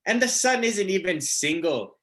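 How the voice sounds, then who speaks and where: A man's voice: sits high, lively intonation, normal speed, a bit bright. A man doing a stand-up comedy set, rambling with lots of fillers and laughing at his own jokes. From Canada.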